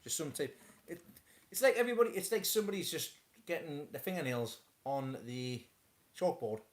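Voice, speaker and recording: A man's voice: a little high, expressive, brisk. A man hosting a casual live chat from home, rambling with many stammered restarts. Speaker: host of a live stream.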